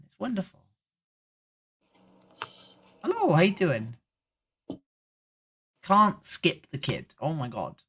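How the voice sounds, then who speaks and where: A young adult streamer in casual livestream chat, talking to strangers and to viewers in turn. The voice sits at an ordinary middle pitch. The delivery is blunt and wry, with frequent swearing. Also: fairly bright tone. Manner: blunt, swears freely, wry running commentary. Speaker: livestreamer on a random video chat site.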